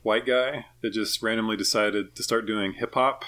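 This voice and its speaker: A man's voice: lowish voice, steady tone, normal speed, fairly bright tone, a little hiss or hum. A man co-hosting a podcast in casual chat, making dry jokes and rambling asides. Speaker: podcast co-host.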